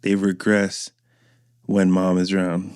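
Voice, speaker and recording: A man's voice: low voice, completely flat delivery, slow pace, a little mellow, clean tone, no echo, studio quality. A man in his thirties, a podcast host, chatting in a casual, rambling and profane way and acting out voices he quotes. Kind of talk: casual chat.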